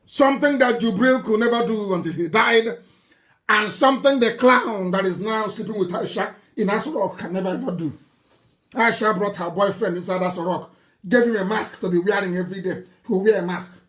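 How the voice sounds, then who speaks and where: A man with a Nigerian accent giving an impassioned live broadcast speech, mocking and scornful, laughing and shouting at times. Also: sits high, brisk. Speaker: political broadcaster.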